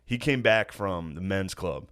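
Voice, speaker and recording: A man's voice: low voice, animated, unhurried, a bit bright. A man hosting a podcast, telling profane stories with a lot of laughter in casual chat. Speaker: podcast host.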